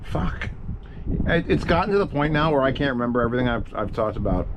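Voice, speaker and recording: A man's voice: medium pitch, lively intonation, quick pace, noisy background. Profane rambling male streamer. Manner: profane, rambling, thinking aloud. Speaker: streamer answering audio questions. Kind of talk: casual livestream chat.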